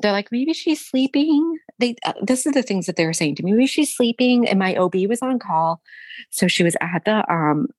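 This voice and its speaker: Telling her personal story candidly as a guest, a young woman speaks in halting, emotional bursts, often quoting herself and using frequent fillers and restarts. Her low-ish, expressive voice sounds close and dry, without echo.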